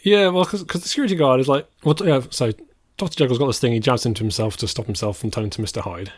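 A man's voice: mid-range voice, rapid-fire, no room sound. A man co-hosting a podcast about films, in a rambling, casual chat that often trails off into a laugh. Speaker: podcast co-host.

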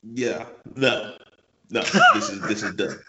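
A man's voice: lowish voice, animated, takes it slowly, sharp tone, reverberant, muffled recording. A man co-hosting a casual podcast chat, rambling through hypotheticals and repeating his words. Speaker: podcast co-host.

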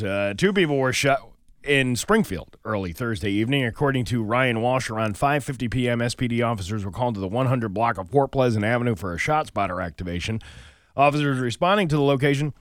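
In a radio studio, a man hosts a morning show, cracking jokes and reading local news while often restarting his sentences. His voice is mid-range and a bit bright, captured in a dry, clean studio recording.

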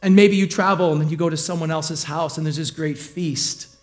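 A middle-aged male pastor giving a sermon in a conversational, joking way, with lively acted asides. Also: fairly high pitch, brisk.

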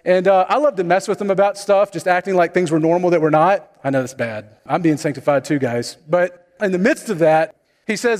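A man preaching, his voice pitched high for a man. He talks to the congregation in a conversational way, mixing scripture with easygoing stories. A long reverb trails his words, as in a large sanctuary. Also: fairly quick, darkish tone. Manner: conversational preaching with storytelling asides. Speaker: pastor. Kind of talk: sermon.

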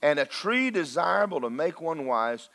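Pastor, male, folksy sermon delivery with jokes and drawn-out emphasis. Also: on the high side, sing-song, vocal fry, a bit bright. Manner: preacherly, folksy and joking, slows for emphasis.

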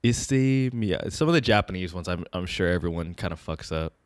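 A man's voice: deep voice, lively intonation, fast talker, dry recording. A young man co-hosting a casual podcast chat, rambling loosely and searching for words. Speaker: podcast co-host.

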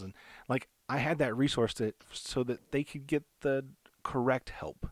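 A man's voice: medium pitch, measured pace, no echo. A man co-hosting a Christian podcast, talking in an earnest, rambling way with many restarts. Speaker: podcast co-host. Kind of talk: casual faith podcast chat.

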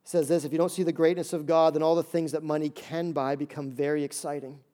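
A male pastor preaching a lively sermon, acting out little voices and jokes to make his points. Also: a little high, fast. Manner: animated, acts out voices and jokes.

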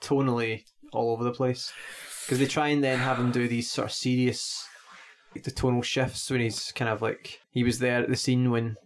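A man's voice: medium pitch, level tone, moderate pace. Laid-back, wry man discussing a film. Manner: laid-back and wry, thinks aloud with restarts. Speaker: podcast co-host. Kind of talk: casual film critique chat.

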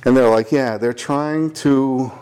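A man's voice: mid-range voice, slow, clear, resonant tone. Young man, casual storyteller, swears a lot, mimics people he quotes. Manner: profane, animated, quotes people in voices. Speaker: podcast co-host telling a story.

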